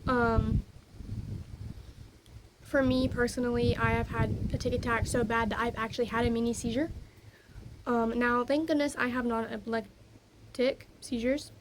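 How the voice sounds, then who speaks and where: A woman's voice: fairly high pitch, steady tone, unhurried, pauses often, a little hiss or hum. Chatty young woman vlogging outdoors. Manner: rambling, easily distracted, frequent fillers. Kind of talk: casual personal vlog chat. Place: outdoors by a backyard garden.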